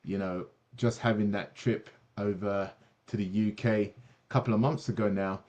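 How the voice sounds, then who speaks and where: Man, host, online call, enthusiastic, halting with fillers, lowish voice. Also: fairly even intonation, darkish tone, dull audio. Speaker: host of product presentation.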